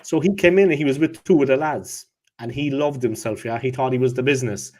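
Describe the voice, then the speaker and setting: A man, co-hosting a casual football chat and telling lively stories, often checking in with "yeah?". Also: medium pitch, brisk. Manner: animated anecdote teller, checks in with "yeah?". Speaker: co-host.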